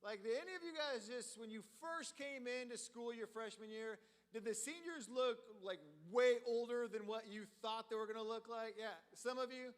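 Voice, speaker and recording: A man preaching a storytelling sermon in a church, animated and full of filler words. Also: very high voice, moderate pace. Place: church sanctuary. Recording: reverberant hall.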